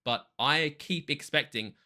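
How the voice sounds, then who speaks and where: A man's voice: a little high, measured pace, bright, forceful tone. A man hosting a music reaction video, thinking aloud with enthusiasm in casual commentary.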